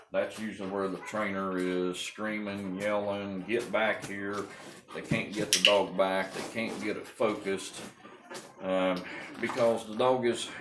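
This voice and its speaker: A man breeding and training dogs gives a casual, rambling talk on puppy training to a camera on the wall of a small room. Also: lowish voice. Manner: folksy, rambling, with many ums and restarts. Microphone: fixed camera on the wall. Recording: echoey room with clear background noise.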